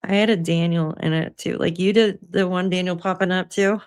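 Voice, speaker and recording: A woman's voice: on the low side, steady tone, brisk, clean tone. A woman hosting a casual livestream from home, chatty and laughing often, swearing freely. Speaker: livestream host. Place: at home by her computer.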